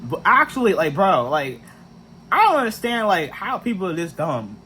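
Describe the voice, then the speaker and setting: A man's voice: sits high, big pitch swings, moderate pace, pushed and bright, a little hiss or hum. A young man ranting in a frustrated, profane monologue full of slang and restarts. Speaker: vlogger.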